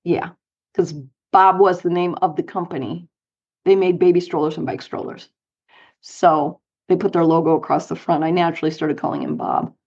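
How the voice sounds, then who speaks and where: A middle-aged woman from Colorado, a guest telling animated anecdotes in an interview with light laughs. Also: lowish voice, normal speed, muffled recording. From United States, Colorado. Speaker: guest, author and speaker. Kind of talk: storytelling interview.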